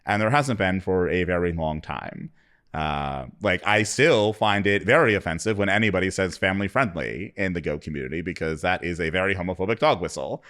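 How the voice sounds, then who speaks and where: A man with a fairly low voice hosting a casual podcast chat. He speaks bluntly and with opinion, adding a wry, teasing edge. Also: brisk, a bit bright. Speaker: podcast host.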